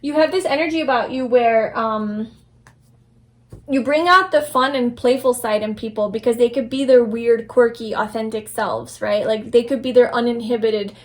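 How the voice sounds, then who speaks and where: Gentle young woman reading tarot cards. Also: on the high side, moderate pace. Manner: casual, rambling, many fillers and restarts; soft, affirming, gentle delivery. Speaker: tarot reader. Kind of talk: pick-a-card tarot reading.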